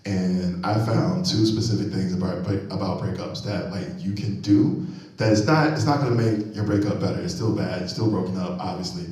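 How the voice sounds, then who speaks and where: A man doing a stand-up comedy set on stage, animated and loud on punchlines, laughing at his own jokes. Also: low voice, normal speed. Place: comedy venue stage, live audience. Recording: very echoey hall, mic from far off.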